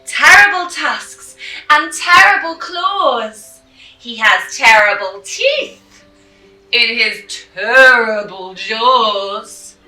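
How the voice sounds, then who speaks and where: A woman puts on a plucky little mouse for a picture-book tale, her voice pitched up high and bright, lingering over each word with relish. The sound is roomy, with the mic set back. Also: lively intonation, drawn-out words, faint music behind, full character voice. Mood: bold. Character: small clever mouse, bold and cheerful. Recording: roomy, slightly distant mic.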